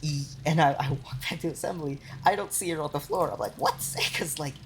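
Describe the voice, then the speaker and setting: A woman's voice: low-pitched, a little fast, a little hiss or hum. A young woman streamer chatting casually while gaming, telling a rambling work story full of swearing and laughter.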